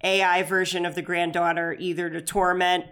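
A woman co-hosting a podcast in relaxed, agreeable casual chat. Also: lowish voice, normal speed. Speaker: podcast co-host.

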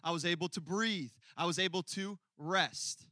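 A man's voice: high voice, normal speed, sharp tone, no echo. A man preaching a sermon to a congregation, telling a story with laughter and asides to the crowd. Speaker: pastor. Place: church hall before a congregation.

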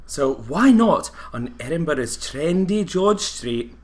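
A man's voice: a little high, big pitch swings, takes it slowly, voice pushed up. Man putting on a fussy old Scottish nanny. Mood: reading aloud. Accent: put-on Scottish. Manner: genteel, fussy, calls everyone dear. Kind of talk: comedic character skit.

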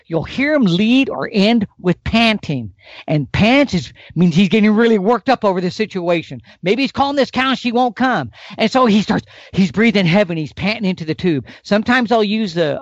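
A man's voice: high voice, no room sound, dull audio. A man on a podcast, an elk calling expert, telling hunting stories with energy and showing calls with his mouth. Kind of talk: animated podcast storytelling.

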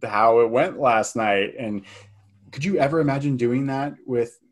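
A man's voice: mid-range voice, measured pace. Hesitant man rambling about a movie. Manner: rambling, hesitant, many fillers and restarts. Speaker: podcast co-host. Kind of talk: casual film review chat.

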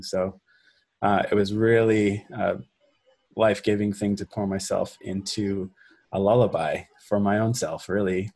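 A low-voiced man speaks as a songwriter guest, soft and halting, with many pauses. He talks thoughtfully from his home garage. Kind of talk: reflective interview talk.

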